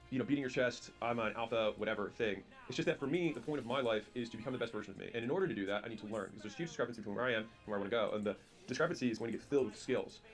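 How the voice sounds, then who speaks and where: A man giving business advice through stories, acting out both sides of conversations in a casual, animated way. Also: medium pitch. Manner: casual, lots of "like" and "right?". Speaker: business speaker. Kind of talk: storytelling advice talk.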